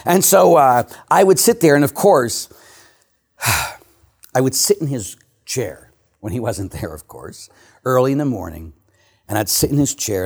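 An older man, a Catholic priest, telling stories to a church audience in an animated, joking way that swings from loud to hushed. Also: medium pitch, measured pace, creaky, long pauses, slightly rough. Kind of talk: storytelling talk to a church audience.

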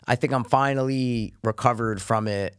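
A man co-hosting a podcast in casual chat, animated and profane, with constant agreeing interjections. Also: medium pitch, normal speed, clear, resonant tone, no room sound, clean studio sound. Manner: profane, animated, lots of affirmations. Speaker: podcast co-host.

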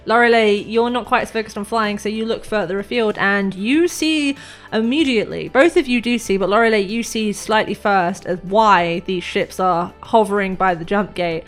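A woman running a tabletop game as game master, narrating scenes in a lively, vivid way and laughing often. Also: medium pitch, normal speed.

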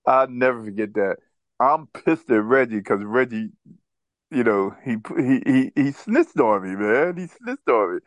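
A man's voice: mid-range voice, expressive, unhurried, no echo. A man co-hosting a podcast, telling a childhood story in casual chat and laughing as he goes. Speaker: podcast co-host.

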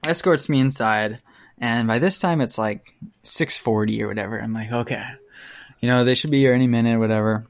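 A man's voice: mid-range voice, brisk, creaky, no echo. Guy telling a story to a friend, laughs a lot, dry close sound. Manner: animated storytelling, acts out quotes, laughs often. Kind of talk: casual chat.

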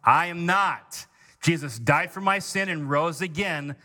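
A man preaching a sermon as pastor, reading scripture slowly with stress on each phrase and leading the congregation in call-and-response. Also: a little high, sharp tone. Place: church sanctuary.

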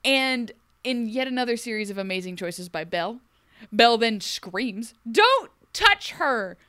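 A young woman co-hosting a podcast, recapping a TV show in casual chat and acting out characters in quick asides. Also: on the high side, fairly bright tone, clean tone, no echo, clean studio sound. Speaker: podcast co-host.

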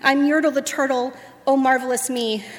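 A woman's voice: sits high, fairly even intonation, moderate pace, in a large hall, natural voice. Woman putting on a pompous turtle king. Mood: boastful. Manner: pompous, bellowing. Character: boastful, bossy male turtle king.

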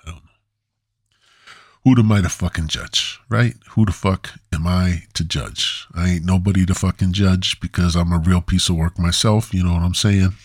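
A man's voice: deep voice, steady tone, moderate pace, husky, no echo, clean studio sound. A man hosting a podcast alone, rambling in a meandering, crude, zoned-out way. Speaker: podcast host. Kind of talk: casual rambling monologue.

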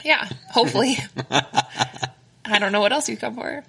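A woman's voice: fairly high pitch, fairly quick, creaky, bright, forceful tone, slightly rough. A woman co-hosting a podcast, chatting casually with a lot of giggles and filler words. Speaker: podcast co-host.

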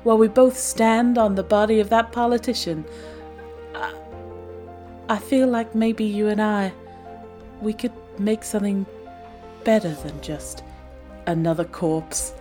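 A woman's voice: medium pitch, slow, pauses often, warm tone, faint music behind, lightly acted. A woman playing a murderous starlet in a comedy sketch, talking in an earnest, wistful way. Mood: confessing. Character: female killer starlet with a double life, yearning.

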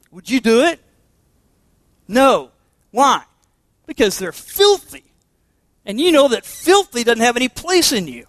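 A pastor preaching a sermon to confirmation students, emphatic and asking rhetorical questions. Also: male voice, very high-pitched, expressive, unhurried, pauses often, fairly bright tone, no room sound.

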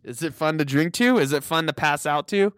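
A man's voice: a little high, fairly quick, a bit bright, clear, resonant tone, no echo, clean studio sound. A man co-hosting a podcast, chatting casually over drinks with sarcastic, teasing jokes. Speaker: podcast co-host. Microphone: podcast mic.

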